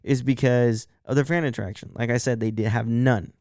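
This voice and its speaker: A man's voice: medium pitch, fairly even intonation, a little fast, a little mellow, no echo, studio quality. Profane rambling man telling a story. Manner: rambling, profane, acts out quotes. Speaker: podcast co-host. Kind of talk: casual storytelling chat.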